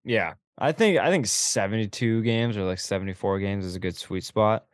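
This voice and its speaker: A man's voice: lowish voice, moderate pace, no echo, clean studio sound. A man hosting a sports podcast, laid-back, putting questions to his guests. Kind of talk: casual sports chat.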